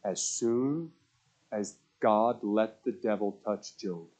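A man preaching a sermon as pastor, telling stories and acting out the voices of people he quotes, swinging between loud and hushed. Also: fairly low pitch, slow pace. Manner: animated storyteller, acts out quoted voices, swings loud to soft.

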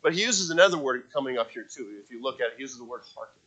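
A man's voice: mid-range voice, animated, rapid-fire, a bit bright, slightly rough, poor audio. A man preaching a sermon in a conversational way, often repeating his words and acting out little stories. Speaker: pastor.

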